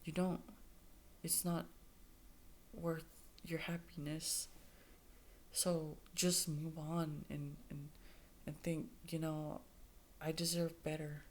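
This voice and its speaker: A woman's voice: low voice, level tone, slow pace, long pauses, a little hiss or hum. A woman vlogging about her life in a candid monologue, blunt and straightforward, swearing freely and rambling with many restarts.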